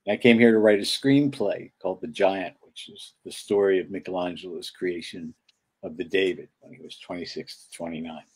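An older man from upstate New York, talking as an interview guest and recalling things with many halting "uh" pauses. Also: low voice, fairly even intonation, breathy edge. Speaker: guest filmmaker. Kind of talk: casual interview chat.

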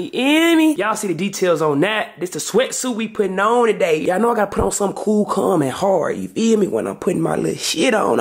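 Young man, casual vlog, slangy and laid-back, high-pitched, echoey room. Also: gravelly. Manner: laid-back slang, lots of "you know what I'm saying". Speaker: vlogger. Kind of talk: casual vlog talk to camera. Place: home, indoors.

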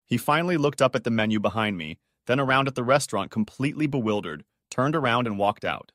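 A man reading online stories aloud as scripted narration, in a lively, animated way. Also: medium pitch, no room sound, clean studio sound. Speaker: story narrator.

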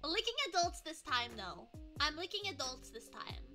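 A young woman chatting on a live stream with an extremely high, piercingly bright voice. She is bubbly and greets her viewers with pet names, and faint music plays behind her. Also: big pitch swings, normal speed. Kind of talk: casual live-stream chat. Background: faint background music.

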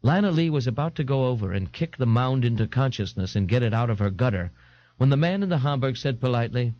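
Animated male audiobook narrator. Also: medium pitch, quick pace. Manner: expressive, animated. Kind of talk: dramatic audiobook reading. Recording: dull lo-fi 1980s audiobook tape.

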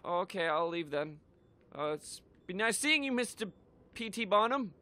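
A man playing a shooter and joking around, goofy and sweary, with sudden shouts. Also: high-pitched, lively intonation, normal speed. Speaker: let's play gamer. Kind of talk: gaming commentary.

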